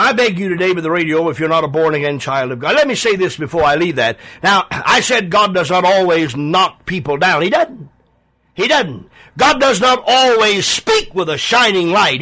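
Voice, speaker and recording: Husky bright-voiced radio preacher guy, slow and pleading, lively swooping pitch. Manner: emphatic, pleading, with dramatic pauses and swings in pitch. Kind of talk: sermon.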